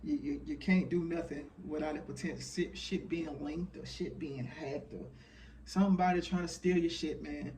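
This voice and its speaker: A man's voice: a little high, fairly even intonation, normal speed, a little mellow, far from the mic, slight background noise. A man in his thirties giving a casual, rambling monologue full of fillers and blunt profanity. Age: 30s. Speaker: channeler sharing messages.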